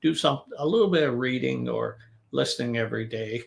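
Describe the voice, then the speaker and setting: A man teaching business English in a relaxed live-stream lesson, giving advice in a conversational way. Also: medium pitch, brisk, vocal fry.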